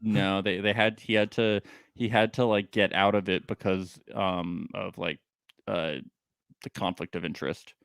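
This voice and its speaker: A man's voice: low-pitched, level tone, unhurried, vocal fry, a bit bright, smooth, dry recording. A man co-hosting a casual podcast recap, chatty and laughing, with many fillers. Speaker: podcast co-host.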